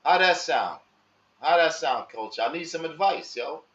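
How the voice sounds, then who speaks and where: A man talking casually and slowly to his live audience in street slang, asking viewers for their advice. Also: fairly high pitch, expressive, fairly bright tone. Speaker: live stream host. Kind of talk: casual monologue to live chat. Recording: echoey room, dull lo-fi sound.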